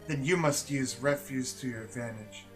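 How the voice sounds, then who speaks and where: A man's voice: medium pitch, normal speed, music in the background, natural voice. A man voicing a haughty, cruel noblewoman in a game, with clipped, contemptuous delivery. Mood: scornful.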